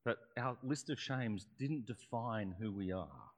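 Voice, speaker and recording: A man's voice: fairly low pitch, expressive, measured pace. A man preaching a sermon in a conversational way, often checking in with rhetorical questions. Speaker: pastor. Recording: long hall reverb.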